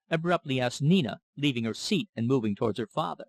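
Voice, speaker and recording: A man reading a classic novel as an audiobook narrator, in a steady, even-paced manner on a close mic. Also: medium pitch, quick pace, gravelly, few pauses, husky.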